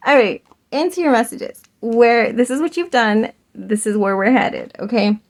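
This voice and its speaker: A woman tarot reader talking in a chatty, animated storytelling way, laughing often and swearing casually. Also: on the high side, normal speed.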